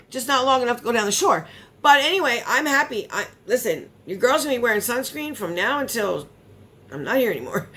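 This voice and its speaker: Chatty, animated woman vlogger. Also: fairly high pitch. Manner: chatty, rambling, excitable with gasps. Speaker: beauty vlogger. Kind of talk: casual unboxing chat.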